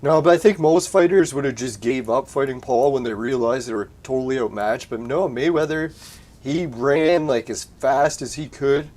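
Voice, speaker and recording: Man, casual streamer, relaxed and profane, home desk mic. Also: medium pitch, normal speed. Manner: laid-back, swears and laughs often. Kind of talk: casual live-stream chat. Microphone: desk mic through a soundboard.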